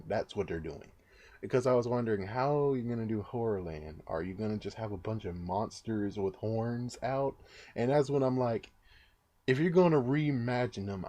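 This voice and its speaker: Rambling man with a mellow low voice. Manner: excitable, rambling, mild swearing. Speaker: book reviewer. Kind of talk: casual rambling review.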